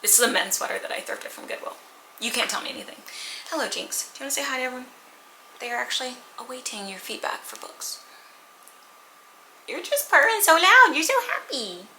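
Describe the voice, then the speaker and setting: A woman casually reviewing books at home, candid and animated, sometimes acting out characters' lines. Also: a little high, fast, roomy sound, slight background noise, rough recording. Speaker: book vlogger. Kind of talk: casual chatty book review. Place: at home with a purring cat nearby.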